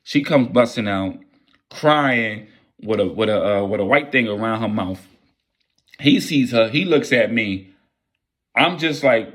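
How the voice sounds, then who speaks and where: A man telling a wild personal story in a casual, profane and excitable way. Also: on the low side, a little slow, pauses often.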